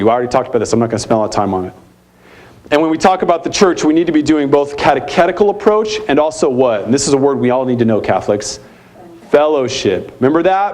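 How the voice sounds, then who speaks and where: A man's voice: medium pitch, darkish tone. An American man presenting at a youth ministry conference, emphatic and repeating key points while asking the audience questions. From United States. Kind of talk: conference keynote talk. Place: conference center hall.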